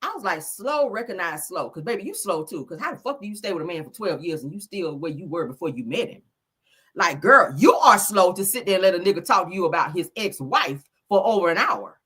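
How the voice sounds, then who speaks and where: A woman hosts a gossip commentary show, sassy and profane. She laughs often and mimics the people she talks about. Her bright voice swings lively up and down. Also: lowish voice, brisk, breathy edge.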